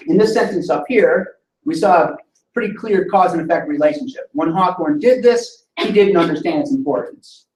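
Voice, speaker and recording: A man lectures on sentence structure, explaining patiently and tagging his points with quick questions to the class. His voice sits fairly high and sounds roomy, picked up from a distance in an echoing classroom. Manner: explanatory, checks in with "right?" often. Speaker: instructor.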